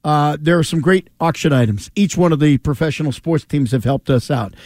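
A man's voice: a little high, fairly quick, a little mellow, dry recording. A man co-hosting a sports radio show, upbeat and ribbing, running through promos and auction items.

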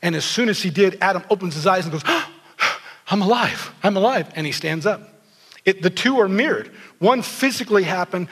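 A man preaching a sermon as a pastor, telling the story in animated fashion and acting out the quotes. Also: sits high, in a large hall.

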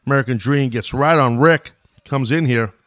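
Calling an old wrestling match on his podcast, a middle-aged New Yorker rambles casually and keeps wandering into asides. He speaks in a mid-range, slightly bright voice at a moderate pace, with studio-quality sound and no room noise.

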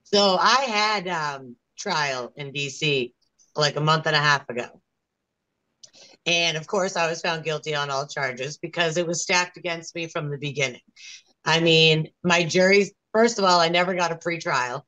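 A woman's voice: deep voice, normal speed, bright, forceful tone, low-quality recording. A young woman giving an interview, telling her story in an earnest, aggrieved way. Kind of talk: casual interview.

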